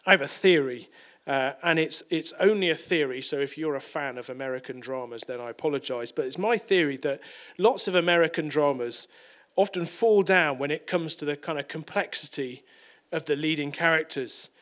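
A man's voice: fairly high pitch, moderate pace, fairly bright tone. A man preaching a sermon in a conversational way, often repeating and correcting words.

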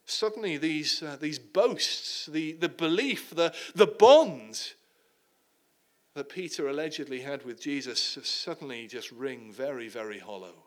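A man preaching a sermon, retelling the passage dramatically and dropping to hushed tones at the heavy moments. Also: on the high side, lively intonation, measured pace.

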